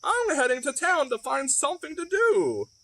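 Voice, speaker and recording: A man's voice: extremely high pitch, wildly swooping pitch, normal speed, a bit bright, voice pushed up, full character voice. A man voicing a bored little hen who sets off boldly to find something to do, read aloud from a children's storybook. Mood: eager.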